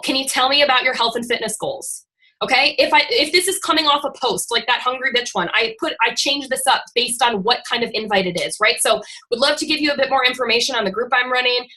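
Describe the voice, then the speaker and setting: A woman with a bright, forceful voice pitched a little high leads her team through a call. She is blunt and chatty, with some casual swearing. The sound comes through a video call. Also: poor audio. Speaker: fitness team coach.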